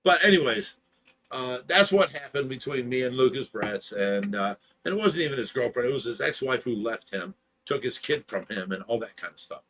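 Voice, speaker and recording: A man's voice: mid-range voice, expressive, moderate pace, fairly bright tone, a little hiss or hum. A man hosting a livestream, casually telling a long story, rambling with lots of "you know" and "blah blah," and getting heated as he retells an argument. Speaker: livestream host.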